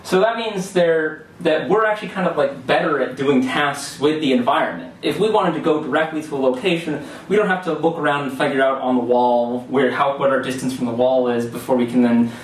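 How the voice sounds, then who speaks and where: Brisk and barely pausing, a young student presenter with a mid-range voice explains step by step in a loose way, with fillers and restarts. The lecture hall recording is echoey and taken from far off.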